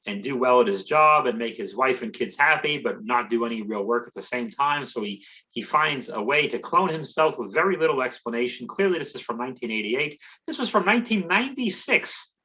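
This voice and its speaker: A man's voice: mid-range voice, lively intonation, brisk, sharp tone, muffled recording. A man hosting a comedy podcast, recapping a movie in a rambling, sarcastic way.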